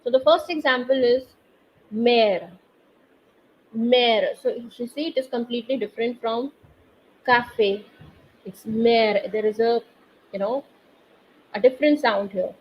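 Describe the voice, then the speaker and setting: A woman teaching a live online French class, explaining accents slowly and quizzing her students through the chat. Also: a little high. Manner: slow, patient, quizzes students via chat. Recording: slightly dull online class audio with faint noise.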